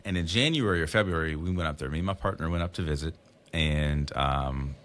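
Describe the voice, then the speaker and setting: A man's voice: rumbling low, fairly quick, a bit bright. A man guest on a podcast, telling his story casually and acting out the voices of the people in it.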